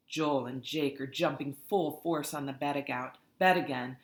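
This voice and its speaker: A woman reading a first-person children's novel aloud in a measured, earnest way. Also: deep voice. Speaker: audiobook narrator. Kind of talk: first-person storybook narration. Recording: roomy echoey recording.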